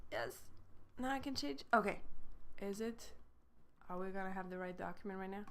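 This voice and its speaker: A woman's voice: mid-range voice, moderate pace, pauses often, fairly bright tone. A woman with a French accent giving a casual, chatty live-streamed French lesson, switching between French and English and laughing often. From France. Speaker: French teacher.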